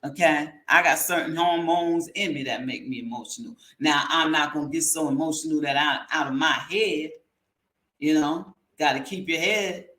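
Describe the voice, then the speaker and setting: A woman's voice: deep voice, moderate pace, fairly bright tone. A woman hosting a commentary show, giving a blunt, heated and slangy opinion monologue. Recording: echoey room.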